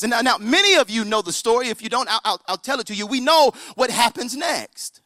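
Animated, high-voiced male storyteller. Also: a little fast, few pauses, dry recording, clean studio sound. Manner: animated storyteller, drops to a whisper for drama. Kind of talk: storytelling sermon to a live audience.

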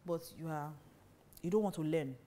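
A woman's voice: low voice, normal speed, warm tone. A woman teaching on marriage in a preaching style, emphatic and full of rhetorical questions. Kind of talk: preaching talk to women.

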